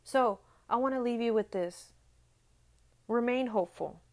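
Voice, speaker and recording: A woman's voice: fairly high pitch, unhurried. Woman host of a devotional podcast; earnest, heartfelt delivery that builds when quoting scripture. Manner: earnest, heartfelt, repeats phrases for emphasis; swells louder when reading scripture. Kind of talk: devotional encouragement talk.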